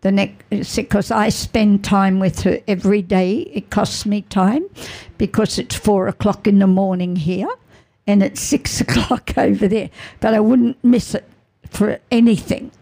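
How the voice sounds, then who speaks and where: A middle-aged woman giving an earnest, emotional personal testimony as a mother, halting and repeating her phrases. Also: medium pitch, fairly even intonation, gravelly, mellow.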